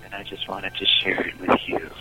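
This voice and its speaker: A man's voice: deep voice, monotone, moderate pace, loud music behind the voice, rough recording. A man in a comedic call-in bit, talking in an airy, spacey, sing-song way.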